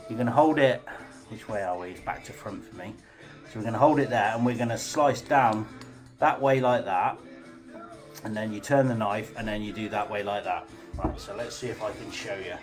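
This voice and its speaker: A man's voice: lowish voice, normal speed, over music. A man hosting a casual live cooking class, chatty, jokey and informal as he demonstrates.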